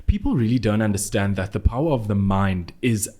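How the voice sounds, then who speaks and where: A man's voice: fairly low pitch, lively intonation, a little fast, mellow. A man hosting a conversational interview, encouraging and affirming his guest. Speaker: interview host.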